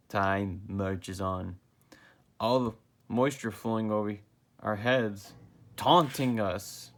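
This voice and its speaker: A man reading a comic book aloud as narrator, in an unhurried storytelling way. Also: fairly low pitch, a bit bright. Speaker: comic reader.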